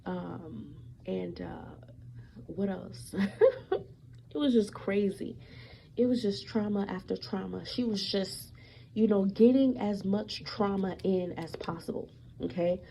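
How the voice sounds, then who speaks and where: Slow-talking woman with a gravelly voice. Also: medium pitch, slight background noise, poor audio. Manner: animated, repetitive, emphatic with many fillers; suspicious, accusatory tone about her mother. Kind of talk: casual storytelling monologue.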